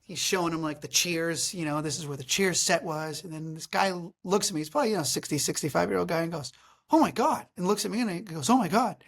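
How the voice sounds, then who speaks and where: A man's voice: on the high side, quick pace, gravelly, few pauses, a bit bright. A man hosting a podcast in casual chat, joking and self-deprecating, swearing casually. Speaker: podcast host.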